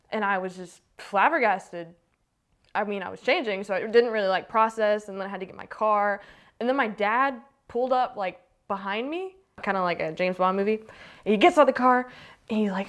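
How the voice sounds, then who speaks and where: A woman's voice: mid-range voice, normal speed. A young woman from the United States, a youth soccer player, recounts her story in a documentary interview, chatty and full of fillers.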